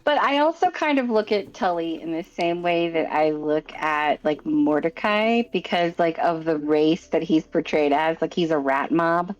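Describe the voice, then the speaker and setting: Low-voiced, speculative woman co-host. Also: normal speed, few pauses, muffled recording. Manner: speculative, many likes and you knows. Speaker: podcast co-host. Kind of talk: casual book discussion.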